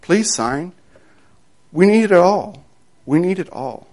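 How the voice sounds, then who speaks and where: A man voicing a gray-haired old doctor who speaks softly and gravely but insists. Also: high-pitched, expressive, slow, pitched above the performer's own voice. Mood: insistent. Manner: soft, hushed and grave.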